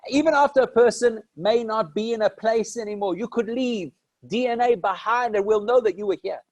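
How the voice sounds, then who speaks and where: A man's voice: high-pitched, fairly quick, a little mellow, no room sound, dull audio. A man from South Africa giving a conversational Torah lesson, posing questions and answering them himself. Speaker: rabbi teaching a class. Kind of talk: Torah lecture.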